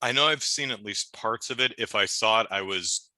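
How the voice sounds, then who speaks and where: A middle-aged man hosting a casual movie discussion, talking in halting bursts with frequent restarts and fillers. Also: fairly low pitch, sharp tone, dry recording, low-quality recording. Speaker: YouTube show host.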